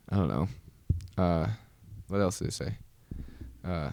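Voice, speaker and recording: Rambling man podcasting, lowish voice. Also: a little slow, vocal fry, pauses often, darkish tone, dry recording. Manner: rambling, with many restarts and trailing-off fillers. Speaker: podcast host. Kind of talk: casual solo monologue.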